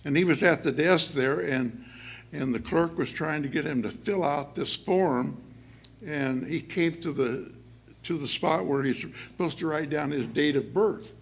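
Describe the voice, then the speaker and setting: A man giving a sermon to his congregation in a chatty, halting way, with many fillers and restarts and frequent laughs. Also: fairly high pitch, husky. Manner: laughs often while speaking. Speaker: church speaker.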